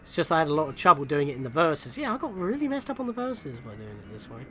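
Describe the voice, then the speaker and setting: Lively chatty man narrating gameplay. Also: fairly high pitch, fast talker. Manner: chatty, self-deprecating, easily surprised. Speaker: gaming channel host. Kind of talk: let's play commentary.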